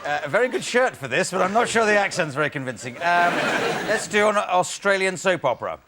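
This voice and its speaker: A man's voice: sits high, animated, fairly quick, crowd noise. Dry man hosting a TV show. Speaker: host. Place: TV studio with live audience. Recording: studio audience and noise behind.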